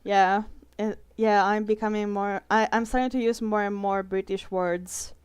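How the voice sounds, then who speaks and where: A woman's voice: medium pitch, fairly even intonation, normal speed, smooth, no room sound. A young woman with an Italian accent, an illustrator chatting casually and self-mockingly while she draws on a stream, laughing often. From Italy. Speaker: illustrator live-streaming a drawing session. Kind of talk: casual chat while drawing.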